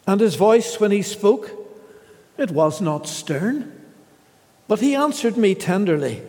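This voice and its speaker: A man preaching a sermon in a slow, measured way, pausing often and voicing the scripture quotes he reads. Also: sits high, expressive, a little mellow, big-room sound.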